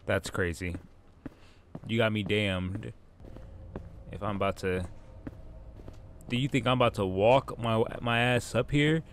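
Guy doing casual game commentary, cussing and joking around, lowish voice, faint background noise. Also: measured pace, pauses often. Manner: joking, profane, talks to himself. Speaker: gaming YouTuber.

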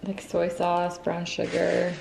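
A woman vlogging casually at home, playful and teasing, quick to laugh. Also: on the low side, monotone, creaky. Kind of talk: casual home vlog chat. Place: home kitchen and living room. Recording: noisy home recording.

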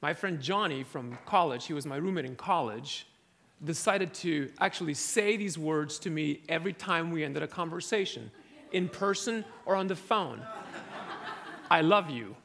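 A man's voice: a little high, normal speed, vocal fry, fairly bright tone, slight background noise. A man giving a sermon, telling funny stories to an audience that laughs along. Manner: humorous storytelling, audience laughing. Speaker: preacher.

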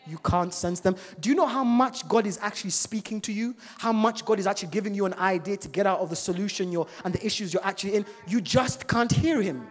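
A male preacher giving a church sermon, animated and full of rhetorical questions to the congregation. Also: high-pitched, fast, hardly any pauses. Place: church service. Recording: long reverb of a large church hall.

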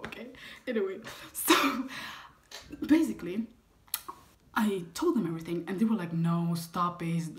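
An eighteen-year-old woman vlogger telling a dramatic story, lively, with frequent whispered asides. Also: fairly low pitch, slight background noise. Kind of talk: storytime vlog.

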